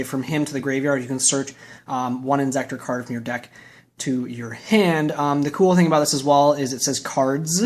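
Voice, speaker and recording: Guy chatting through his card deck, opinionated, medium pitch, just hanging out talking. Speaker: YouTube card game channel host. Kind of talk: casual deck profile walkthrough.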